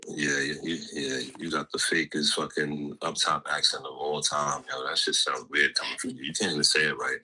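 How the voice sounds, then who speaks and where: A man's voice: extremely low pitch, level tone, moderate pace, hardly any pauses, bright, forceful tone, slight background noise, low-quality recording. A man from City, a guest on a live stream, bantering in a blunt, profane, teasing way. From Jersey City. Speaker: guest on a livestream. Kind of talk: casual banter.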